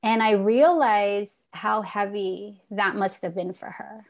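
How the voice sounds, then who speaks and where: A woman in her forties, hosting a conversation, speaks in an ordinary middle pitch with a steady tone and slow pace. Her talk is candid and heartfelt, casual yet earnest and reflective, with the occasional swear word.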